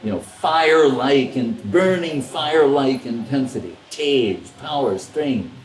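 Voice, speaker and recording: A man's voice: medium pitch, a little slow, a little hiss or hum. A man giving a casual spiritual talk, telling stories animatedly and acting out what people said. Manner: animated storyteller, acts out quoted dialogue, chuckles. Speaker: spiritual teacher. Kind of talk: casual storytelling discourse. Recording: roomy echo with faint ambience.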